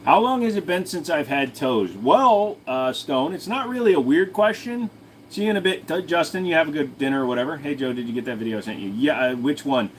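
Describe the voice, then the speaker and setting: A man's voice: a little high, expressive, a little fast, slight background noise. A man hosting his own channel, answering viewer questions in a rambling, crude, joking way. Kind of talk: casual livestream Q&A chat.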